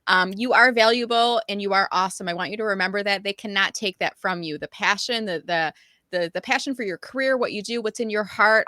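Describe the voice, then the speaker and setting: Upbeat woman career coach on a video call, bright and dry, cheerleading the listeners. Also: medium pitch, no room sound. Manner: upbeat, encouraging, leads call-and-response. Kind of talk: motivational livestream talk.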